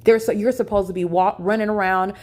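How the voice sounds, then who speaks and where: A woman's mid-range, slightly mellow voice holds a steady tone as she talks fast in a solo monologue to camera from a hotel room. Vlogging her day, she's emphatic and repetitive, with many "uh" fillers and repeated phrases.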